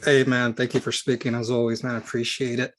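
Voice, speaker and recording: A man's voice: medium pitch, little pitch movement, fast, slight background noise. A man in his thirties giving a casual, friendly talk to a meeting audience. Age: 30s. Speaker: apprentice speaker.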